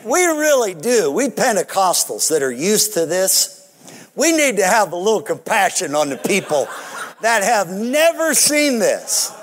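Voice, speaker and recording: A pastor telling a story in a sermon, animated, often chuckling. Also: male voice, sits high. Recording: long hall reverb.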